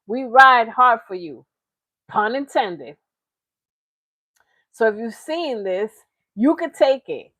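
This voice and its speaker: A woman's voice: a little high, sing-song, slow, pauses often, sharp tone, no echo. A woman hosting a reaction channel, talking in casual, chatty commentary with frequent laughs. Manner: chatty, laughing, slips into mocking impressions.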